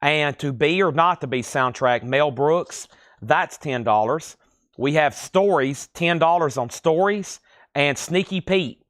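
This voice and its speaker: A man's voice: fairly high pitch, a little slow, fairly bright tone, no echo, studio quality. Lilting Tennessee man calling record prices. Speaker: live sale host. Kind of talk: live-stream auction selling.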